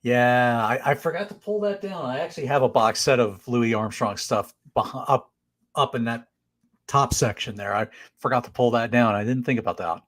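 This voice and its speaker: A man's voice: mid-range voice, normal speed, a bit bright. A man co-hosting a livestream, chatting in an easygoing, joking way. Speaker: co-host. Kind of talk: casual chat on a livestream.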